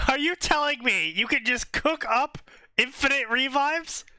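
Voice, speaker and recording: A man co-hosting a stream, reading fan fiction aloud and mocking it in animated, casual talk, laughing often. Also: very high-pitched, no echo. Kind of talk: casual comedic commentary.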